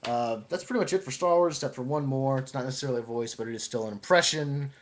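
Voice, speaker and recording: A young man talking casually, introducing his impressions with relaxed, chatty asides. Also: medium pitch, quick pace, a little hiss or hum. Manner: relaxed, chatty, hesitant with fillers. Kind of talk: casual video monologue.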